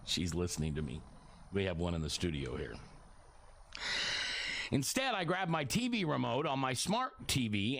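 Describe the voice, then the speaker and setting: A man's voice: medium pitch, a bit bright, no room sound. A middle-aged man hosting a casual talk radio show from a studio, rambling and apologetic as he reminisces. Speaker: radio and webcast host.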